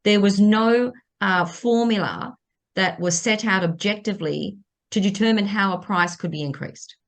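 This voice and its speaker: A woman's voice: mid-range voice, normal speed. A middle-aged woman, a lawyer giving advice on a podcast in an emphatic way, stressing and repeating her key points. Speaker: property lawyer. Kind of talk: podcast legal advice chat.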